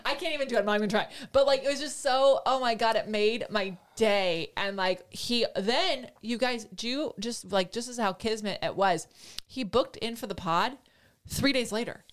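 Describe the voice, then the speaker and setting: A woman hosting a podcast, telling a story in casual chat, excitable and gushing, with lots of fillers. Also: a little high, moderate pace. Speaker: podcast host.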